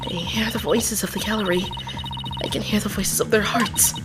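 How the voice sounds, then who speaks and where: A woman voicing an earnest, flustered young female defense lawyer in a courtroom game, who pleads and protests in a raised, higher voice. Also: fairly even intonation, normal speed, music in the background, lightly acted. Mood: pleading.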